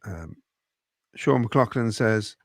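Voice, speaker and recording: A man's voice: lowish voice, expressive, takes it slowly, no room sound, studio quality. A man with a Coventry accent co-hosting a football fan podcast, reading out viewer comments with chatty asides. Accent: Coventry English. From Midlands, England. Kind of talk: casual fan podcast chat.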